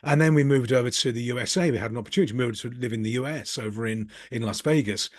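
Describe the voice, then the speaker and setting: Middle-aged Brummie host musing to camera, candid and self-deprecating, close dry sound. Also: male voice, mid-range voice, quick pace, no room sound. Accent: Birmingham. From Birmingham, England. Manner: candid, rambling, self-deprecating, with occasional chuckles. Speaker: business coach and channel host. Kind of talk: casual reflective monologue.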